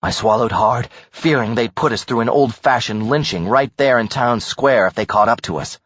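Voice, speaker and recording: A man narrating a first-person audiobook thriller in a dramatic, expressive way. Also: medium pitch, normal speed, slightly rough, no echo. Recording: dull, dry audiobook recording.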